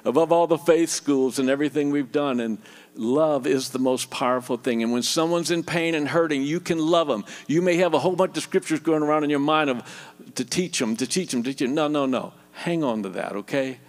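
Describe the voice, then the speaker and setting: Heartfelt middle-aged male preacher. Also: brisk. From Louisiana. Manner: heartfelt, tender, drops soft and low in prayer. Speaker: guest preacher. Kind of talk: sermon and closing prayer.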